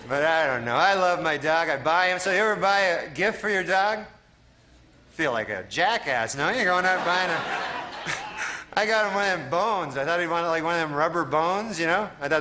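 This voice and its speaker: Man, stand-up comedian, rambling deadpan delivery, slightly high voice, loud studio audience laughter, noisy room. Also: fairly quick, crowd noise. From Canada. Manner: rambling deadpan delivery, full of "you know". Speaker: stand-up comedian and talk show guest. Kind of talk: stand-up monologue, then interview chat.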